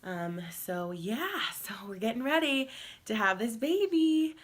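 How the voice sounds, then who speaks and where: A heavily pregnant young woman talking casually in a home vlog, chatty and rambling, laughing often and filling pauses with "um" and "like.". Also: a little high, very animated. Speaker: vlogger.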